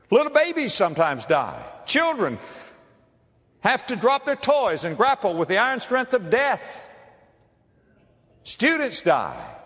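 A male pastor delivers a dramatic sermon, his voice leaping with lively swings from ringing emphasis down to a hush. He sits a little high for a man. The sound carries a long reverb, as in a large church hall.

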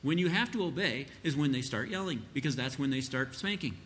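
A church speaker with a mid-range, slightly bright voice and lively intonation talks fairly quickly about parenting, with slight background noise. Answering a question in an informal teaching style, he rambles with fillers and impersonates the parents he quotes.

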